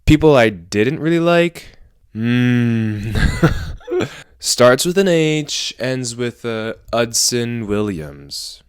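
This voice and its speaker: A man's voice: mid-range voice, big pitch swings, extremely slow, clear, resonant tone, no room sound, studio quality. A man vlogging casually about fashion, chatty and opinionated, rambling with self-corrections. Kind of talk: casual talking-head vlog.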